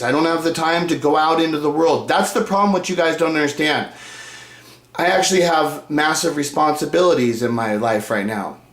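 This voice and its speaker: A man ranting angrily at his followers in a video, profane and combative, swinging between loud outbursts and low muttering. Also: reverberant. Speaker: YouTuber. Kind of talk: angry video rant to fans.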